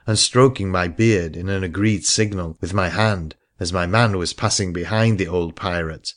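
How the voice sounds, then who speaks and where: A man narrating a first-person seafaring adventure story in a measured reading voice. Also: low voice. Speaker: audiobook narrator.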